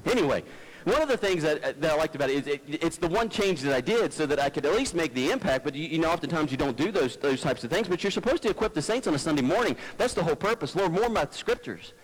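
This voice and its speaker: A man preaching a conversational sermon, folksy and digressive, who calls himself a low talker and often restarts his sentences. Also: expressive, quick pace, poor audio. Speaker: pastor. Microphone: headset mic by the mouth.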